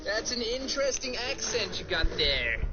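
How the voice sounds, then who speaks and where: A man voicing a brash, smug small-town cop who talks loudly. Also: sits high, big pitch swings, moderate pace. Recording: muffled, noisy recording.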